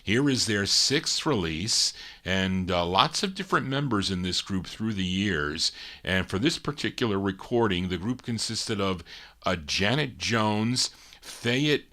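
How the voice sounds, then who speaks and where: A man hosting a live show of old soul records, chatting casually, pausing to recall names and details. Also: fairly low pitch, lively intonation, sharp tone. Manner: unhurried, pauses to recall names, fillers. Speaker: radio-style show host and DJ.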